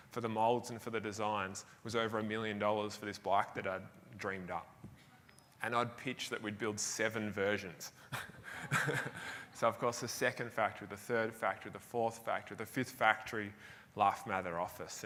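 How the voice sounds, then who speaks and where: An Australian man gives a motivational talk on a big stage, his voice bright and forceful. He tells his story with energy and laughs often, and a long reverb hangs over his words in a large event hall. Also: on the low side. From Tasmania, Australia. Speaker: keynote speaker.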